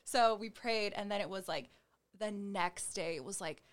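A woman's voice: medium pitch, normal speed. Chatty young woman sharing her testimony. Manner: chatty, heavy use of "like", acts out quoted dialogue; gestures while talking. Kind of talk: personal faith testimony in conversation.

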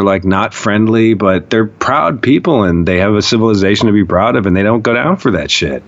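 A man's voice: lowish voice, highs cut off. A man telling stories as a podcast guest, rambling and profane, full of fillers. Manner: profane, rambling, animated storyteller with many fillers. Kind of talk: casual storytelling conversation.

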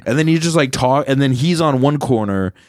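A man's voice: mid-range voice, lively intonation, a little fast, no echo, studio quality. A man, a stand-up comic hosting a podcast, telling stories in casual chat, swearing freely and laughing often. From Southern California. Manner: profane, storytelling, laughs often.

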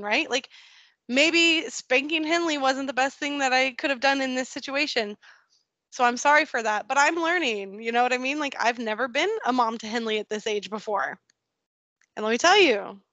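A woman's voice: sits high, sharp tone, no echo. A woman in her thirties, a podcast guest, chatting candidly and emphatically, laughing often. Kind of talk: casual conversation.

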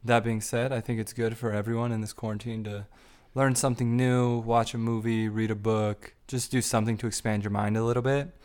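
A man co-hosting a podcast, musing out loud in a playful, relaxed chat with his partner. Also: mid-range voice, a little fast, clean tone. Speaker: podcast co-host. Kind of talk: casual chat.

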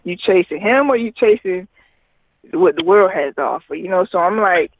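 A man's voice: high voice, expressive, moderate pace, dry recording. A man who is a recording artist, giving a rambling personal testimony full of fillers. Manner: rambling, heavy with fillers like "you know what I mean". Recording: tinny phone line, dry.

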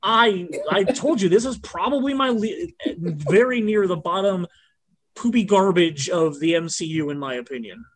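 A man's voice: high voice, normal speed. A man hosting a podcast, talking in a rambling, blunt way with frequent restarts. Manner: rambling, blunt, self-correcting. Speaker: podcast host. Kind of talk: casual chat.

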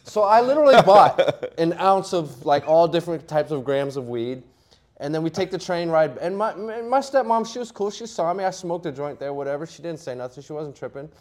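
Middle aged guy telling a crazy story, kinda high voice, lots of likes and laughs. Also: brisk. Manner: animated, laughing, full of fillers and restarts. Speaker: poker player guest. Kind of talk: casual storytelling.

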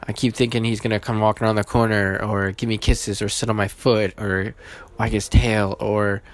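A man hosting his own podcast, casual and halting, with many fillers and restarts, emotional and holding back tears. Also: lowish voice, level tone. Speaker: podcast host.

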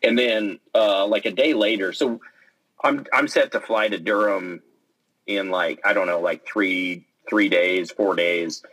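A man being interviewed, telling stories in a casual, animated way with lots of fillers and restarts. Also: lowish voice, a little slow, low-quality recording. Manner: animated storytelling, acts out quotes, many fillers and restarts. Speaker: interview guest, pennant maker and player.

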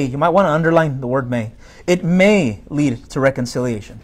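A man's voice: a little high, brisk. A male pastor preaching a sermon in a direct, conversational way, full of rhetorical questions to the congregation.

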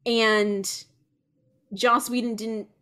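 A woman's voice: fairly high pitch, little pitch movement, drawn-out words, fairly bright tone. A young woman co-hosting a podcast, rambling in casual chat with many fillers. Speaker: podcast co-host.

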